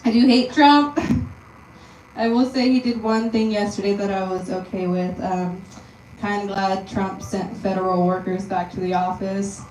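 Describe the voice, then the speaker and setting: A young woman from Texas doing a stand-up comedy set in a deadpan, self-deprecating way. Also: medium pitch, measured pace, slight background noise. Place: comedy venue with audience. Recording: roomy live sound from a distant mic.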